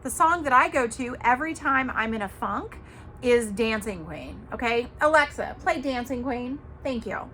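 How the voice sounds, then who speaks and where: Woman, podcast host, casual and emphatic, tough-love talk, fairly high bright voice. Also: normal speed, slight background noise. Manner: emphatic, animated, tough-love advice with cussing. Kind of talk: casual monologue to viewers.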